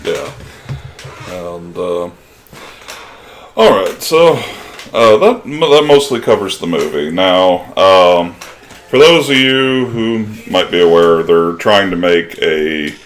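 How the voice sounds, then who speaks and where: A deep-voiced man on a casual movie podcast. He moves the conversation forward with questions and brief "um" pauses. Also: animated, slight background noise. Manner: steering the talk with questions, "um" pauses. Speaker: podcast co-host.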